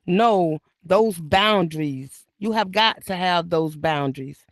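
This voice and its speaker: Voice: mid-range voice, slow, a bit bright, no room sound. A speaker in a casual group discussion, emphatic and repeating key phrases.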